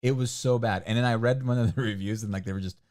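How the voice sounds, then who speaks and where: A man's voice: mid-range voice, quick pace, a little mellow. A man co-hosting a casual livestream, opinionated and ranting with frequent laughs. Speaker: livestream co-host.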